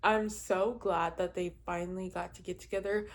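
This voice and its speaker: A woman's voice: lowish voice, fairly even intonation, moderate pace. A young woman chatting casually as a book vlogger, rambling with many fillers and laughs, and easily exasperated. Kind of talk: casual reading wrap-up chat.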